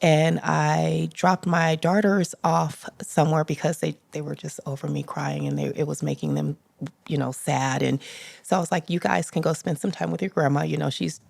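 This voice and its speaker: A middle-aged woman guest on a podcast, talking earnestly and softly about grief and faith, her sentences trailing off. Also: sits low, steady tone, normal speed, vocal fry, no echo.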